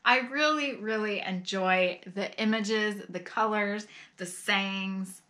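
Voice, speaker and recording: A middle-aged woman chatting casually as she opens fan mail at home, gushing and exclaiming, with soft sighs and laughs. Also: medium pitch, slow. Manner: often sighs and laughs softly. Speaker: vlogger opening fan mail. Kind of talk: casual chat.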